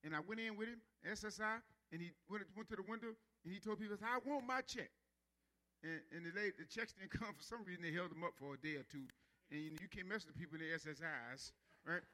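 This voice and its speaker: Male pastor, high bright voice, sermon that builds to emphatic stretched-out words. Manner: preaching with rising intensity, drawn-out emphasis.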